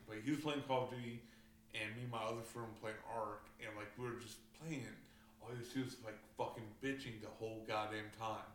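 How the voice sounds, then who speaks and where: This man's voice is medium-pitched, steady, brisk, and fairly bright as he shares gaming tales in a casual chat, cursing freely and using frequent fillers. The audio has a little hiss or hum, a roomy sound, a distant mic, and faint ambience.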